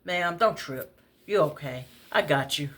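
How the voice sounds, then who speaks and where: A woman voicing a bold, protective woman in her forties who talks back loudly and curses. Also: sits low, expressive. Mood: fierce. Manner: loud, brash, cursing, fast.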